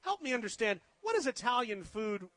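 Bright, high-voiced effusive radio host. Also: male voice, big pitch swings, normal speed, dry recording. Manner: upbeat, effusive broadcaster. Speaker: radio food show host. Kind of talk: live radio talk. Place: restaurant.

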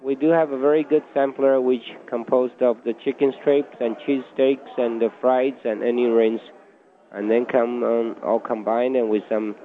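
A man's voice: medium pitch, steady tone, normal speed. A restaurant owner, a man, speaks plainly as a guest on a live radio show, keeping his phrasing simple and eagerly saying yes to the hosts. The audio is narrow and phone-like. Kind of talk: on-air interview.

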